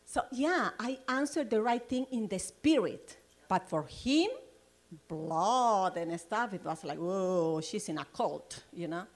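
A woman leading a Bible study shares her testimony at an unhurried pace. Her voice sits at an ordinary middle pitch. She tells the story loosely and rambles, and she laughs often. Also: lively intonation. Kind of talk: sharing a personal testimony.

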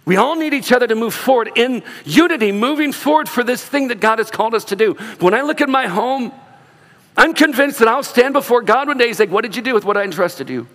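A man, a pastor with young sons, preaching an animated sermon to his congregation and acting out quoted voices. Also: extremely high pitch, fairly quick. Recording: long reverb of a large hall.

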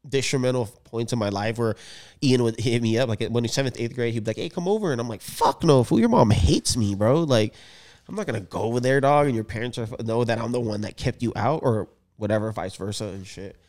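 In a fairly quick, medium-pitched voice, a male podcast co-host of Filipino family background spins casual, slangy stories. He's lively about it and performs the quotes of the people involved.

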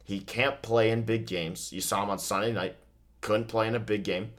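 A man with a fairly low voice chats about football in a loose, profane rant. He jumps from fired-up bursts to flat, let-down muttering as he talks over a game. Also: moderate pace. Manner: profane, ranting, swings from excited to deflated. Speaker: host watching and commenting on a football game. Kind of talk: casual sports chat.

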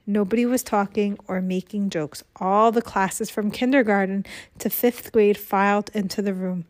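A woman reading a children's book aloud to a child, with expressive storytelling and chat in between. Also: mid-range voice, normal speed. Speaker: reader.

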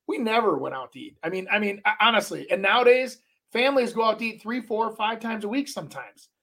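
A middle-aged man with a notably high-pitched voice talks in loose, rambling stories. He trips over his own starts and then barrels on as a podcast co-host. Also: expressive, fast talker, creaky, pushed and bright. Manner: rambling storyteller, many restarts. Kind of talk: casual chat.

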